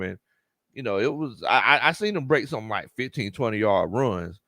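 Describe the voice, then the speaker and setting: Man, sports stream host, animated delivery, dry close mic. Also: lowish voice, a little fast, dry recording. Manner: laughs often, Southern slang, animated reactions. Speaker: sports show host and coach. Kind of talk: casual livestream chat reading comments.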